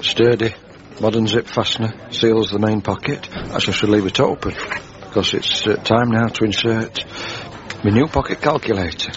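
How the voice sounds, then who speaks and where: A man's voice: fairly low pitch, fairly even intonation, moderate pace, lo-fi sound, crowd noise, natural voice. An actor playing a mild, homely middle-aged man who rambles on about small everyday details in a radio comedy sketch. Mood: musing. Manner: meandering, gently chatty, fond of small domestic details.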